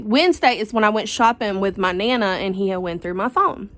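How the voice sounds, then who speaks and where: A woman's voice: medium pitch, fast, few pauses, fairly bright tone. A young woman, telling a personal story to the camera in a chatty, dramatic, slangy way. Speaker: vlogger.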